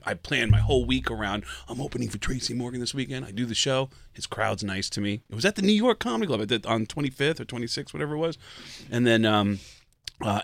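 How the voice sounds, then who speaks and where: A man's voice: on the low side, no room sound. A man, a guest stand-up comedian and impressionist, telling stories in a casual chat and slipping into impressions. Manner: animated storyteller who slips into impressions.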